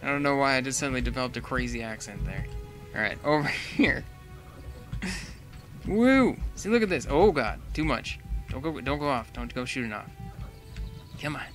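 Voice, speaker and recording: A young man with a bright, forceful voice chats loosely over his gameplay, thinking out loud and often breaking into laughs. Faint music sits behind him. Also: medium pitch, animated, brisk. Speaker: gaming channel host. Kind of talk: casual gameplay commentary.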